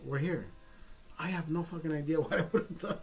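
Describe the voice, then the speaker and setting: A man's voice: a little high, fairly quick. Rambling, cursing man telling a story. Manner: profane, rambling, self-interrupting. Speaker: vlogger. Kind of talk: casual storytelling.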